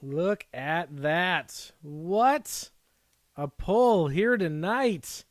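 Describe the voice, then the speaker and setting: A man's voice: on the high side, slow, no room sound, clean studio sound. A man hosting a live card break, chatty and rambling, who gasps and whoops when a good card comes up. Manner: excitable, gasping and whooping at pulls.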